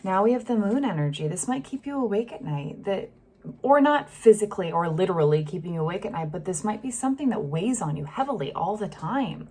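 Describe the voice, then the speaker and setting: A woman reading tarot cards in a loose, chatty monologue, her voice at a middling pitch. She gets caught up in the feelings she describes, sighing and breaking off her sentences as she goes. She talks into a close microphone. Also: lively intonation, brisk, mellow, husky. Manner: emotional, acts out the feelings she reads, sighs and trails off. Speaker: tarot reader.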